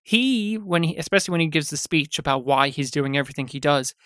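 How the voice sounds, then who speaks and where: A man co-hosting a podcast, casually reviewing a film with animated, sweary retellings of scenes. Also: on the high side, quick pace, clear, resonant tone, no room sound, studio quality. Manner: animated, sweary, acts out scenes in quoted voices. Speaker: podcast co-host.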